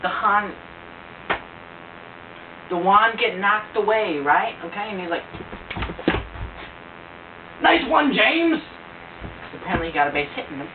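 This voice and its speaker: A man's voice: high-pitched, steady tone, moderate pace, pauses often. A young man jokingly retelling a movie plot at home, rambling and laughing at his own jokes. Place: living room at home. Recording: tinny, distant, noisy home video.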